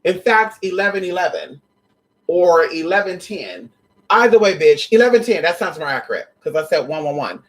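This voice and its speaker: A spiritual vlogger talking casually and excitedly to viewers, swearing often and rambling with many restarts. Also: medium pitch, normal speed, low-quality recording. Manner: profane, excitable, addresses viewers as y'all and honey.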